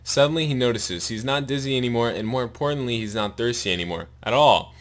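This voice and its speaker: A man reading a long story aloud in a steady narrating voice, his mouth sore and bleeding after a wisdom tooth removal. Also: mid-range voice, quick pace, few pauses. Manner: steady read-aloud narration with pained asides.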